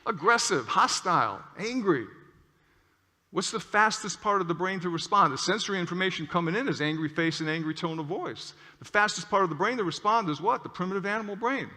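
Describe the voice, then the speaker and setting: A male clinician giving an animated lecture with stories, often checking in with "okay?". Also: high-pitched, brisk. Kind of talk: lecture with storytelling. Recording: long hall reverb.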